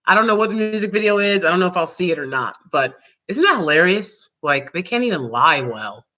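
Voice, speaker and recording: A woman talks straight to her audience in a loose, rambling vlog, circling back on herself with fillers and little laughs. Her voice is bright and sharp-edged, with a tense, forward ring to it. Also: on the low side, big pitch swings, a little fast. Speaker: vlog host. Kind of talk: casual opinion commentary.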